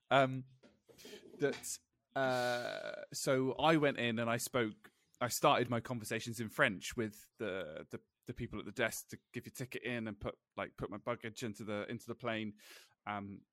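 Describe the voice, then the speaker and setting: A man's voice: mid-range voice, unhurried, fairly bright tone, dry recording, clean studio sound. A British man hosting a casual podcast chat, rambling with frequent restarts and laughing at his own stories. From Britain. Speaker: podcast host.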